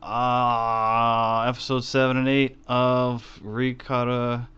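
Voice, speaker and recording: A man co-hosting a casual chat show, rambling through a profane, animated retelling. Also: mid-range voice, slow, clear, resonant tone, highs cut off. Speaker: podcast co-host.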